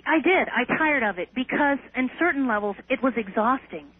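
A woman's voice: sits high, lively intonation, brisk, slightly rough. A woman guest in an interview, earnestly recounting a personal experience with some hesitant restarts. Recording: tinny phone line on radio.

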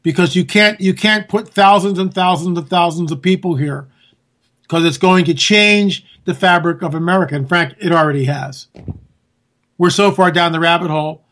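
A man's voice: sits high, moderate pace, fairly bright tone. A man hosting a political talk radio show, ranting and sarcastic, talking straight to his listeners. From California.

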